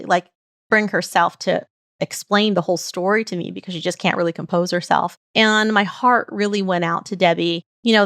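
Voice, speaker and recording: A woman's voice: mid-range voice, creaky, fairly bright tone, no room sound, studio quality. A middle-aged woman hosting a show, telling a personal story in an earnest, heartfelt way. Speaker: podcast host.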